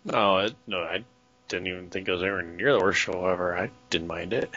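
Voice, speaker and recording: Low-voiced blunt man, bright edge. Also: brisk. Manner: blunt, rambling, swears. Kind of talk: casual chat. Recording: dull dry lo-fi sound.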